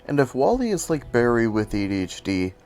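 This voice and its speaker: A man's voice: mid-range voice, very animated, a little fast, a little mellow, faint music behind. A man talking casually into the camera, rambling and poking fun at himself, sometimes breaking into cursing rants. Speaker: video essay host. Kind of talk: casual commentary.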